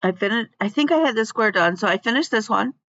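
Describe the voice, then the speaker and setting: A woman's voice: on the high side, expressive, quick pace, fairly bright tone, dry recording, dull audio. A woman vlogging about her stitching at home in a rambling, chatty way, with many ums. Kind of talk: casual chat.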